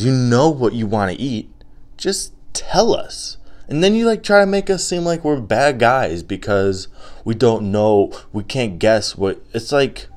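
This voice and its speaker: Male solo podcaster, lower register, lively comic rant into a home mic. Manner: animated, joking, acts out quoted voices. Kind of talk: casual comedic rant. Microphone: home microphone wrapped in cotton.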